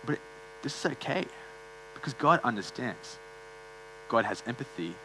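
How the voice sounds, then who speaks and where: A man's voice: mid-range voice, big pitch swings, normal speed, sharp tone, slight background noise, poor audio. Earnest man preaching a casual sermon. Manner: earnest, conversational, uses many fillers. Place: church.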